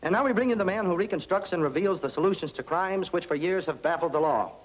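An actor playing a radio announcer reading an ad and an introduction in a polished, selling 1940s style. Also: male voice, high voice, expressive, quick pace, rough recording. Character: smooth male radio announcer.

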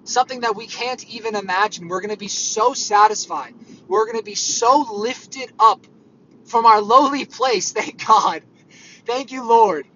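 Earnest man preaching off the cuff, high and bright, muffled lo-fi recording. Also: animated, a little slow, slight background noise. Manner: earnest, conversational, rambling with fillers. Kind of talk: informal sermon. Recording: dull lo-fi audio.

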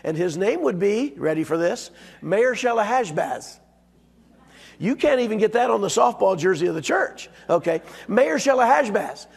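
A hoarse man preaches with a raspy, gravelly edge to his fairly high voice. His delivery is folksy and emphatic, and he hits his key words hard. The sound rings with the long reverb of a church sanctuary. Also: expressive, a little fast, few pauses. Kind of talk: sermon.

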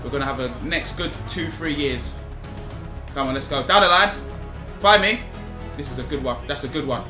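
A young man giving excitable football-game commentary, repeating phrases and shouting at goals. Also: mid-range voice, a little fast. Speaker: gaming YouTuber. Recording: echoey room with game music.

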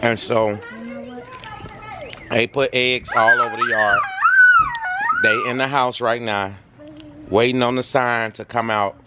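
A father hosts a casual family vlog in a windy backyard, chatting loosely to viewers and cheering on his kids. He speaks slowly with long pauses, in a medium-pitched voice that swoops wildly. It's recorded outdoors on a handheld phone, with wind noise.

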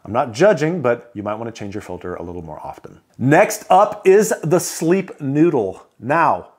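A man talking through sleep-therapy gear in a casual rundown. His voice sits at an ordinary pitch, and he drops in quick jokes and asides as he goes. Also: sing-song, slightly rough. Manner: chatty, joking asides. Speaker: CPAP equipment reviewer.

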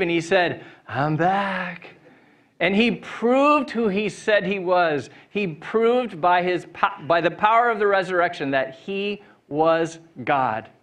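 A man's voice: high voice, fairly bright tone. A man preaching an Easter sermon as a pastor, chatty and upbeat, telling a personal story with laughter on stage before a congregation.

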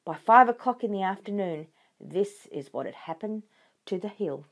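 A woman reading a children's book aloud in a clear, expressive way. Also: medium pitch, normal speed. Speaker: storyteller for children.

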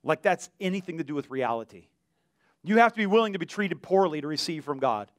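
Animated male pastor preaching. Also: a little high, fairly quick, dry recording, clean studio sound. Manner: animated preaching, acts out biblical voices. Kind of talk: sermon.

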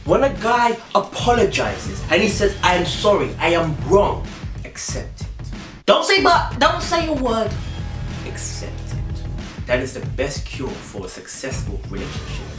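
A man's voice: high-pitched, wildly swooping pitch, a little slow, recorded from a distance. A young man addressing the camera in a comedy sketch, preachy and mocking. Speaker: sketch narrator. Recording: roomy echo, away from mic, music.

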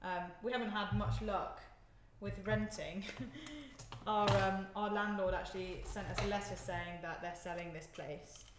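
A woman's voice: mid-range voice, a little slow. Chatty woman in an echoey kitchen. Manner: chatty, giggly, talks to viewers while moving around the kitchen. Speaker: cooking live-streamer. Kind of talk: casual live-stream chat while cooking. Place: home kitchen. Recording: echoey kitchen, faint noise.

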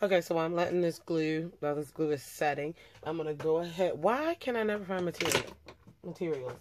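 A deep-voiced young woman talks a little fast as she runs through a makeup tutorial. The beauty vlogger keeps up a chatty commentary while working, correcting herself frequently.

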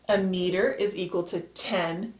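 A woman gives a math lesson for young children, moving at a slow, deliberate pace. She patiently spells out letters one by one and circles back to repeat the key points. Her voice carries a noticeable echo, as if recorded in a bare room. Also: fairly low pitch, steady tone, a little mellow. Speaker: math teacher. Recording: echoey room.

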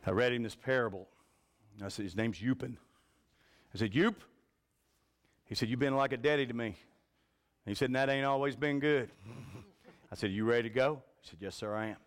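A man preaching a revival sermon in a church, telling folksy stories and swinging from shouts to a hushed voice. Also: medium pitch, brisk, pauses often. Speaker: pastor. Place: church sanctuary.

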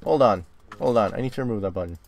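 A young man hosting a gaming video, chatting casually and often swearing and yelling when startled, recording in a dark closet. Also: on the low side, animated, quick pace. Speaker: gaming channel host. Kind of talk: casual game commentary.

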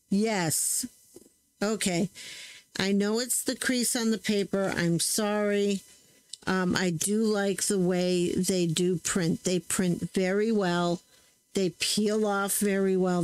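Her voice is medium in pitch, a little mellow and smooth, though the audio is poor. She hosts a crafting channel, chatting casually as she tests stamps and frequently correcting herself along the way.

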